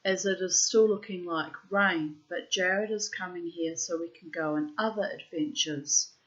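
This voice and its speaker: A woman's voice: fairly low pitch, measured pace, fairly bright tone, muffled recording. A woman reading her old diary posts aloud and commenting on them bluntly, with frequent swearing.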